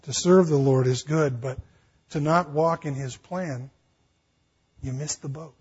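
A man's voice: on the high side, a little slow, darkish tone, husky, lo-fi sound. A man preaching a sermon as pastor, acting out a dialogue between God and Paul with emphatic build-ups.

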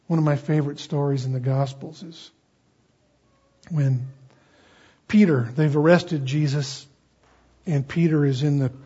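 Earnest husky male preacher. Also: a little high, dark tone. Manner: earnest, storytelling, slows for emphasis. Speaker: pastor. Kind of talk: sermon. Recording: dull lo-fi recording.

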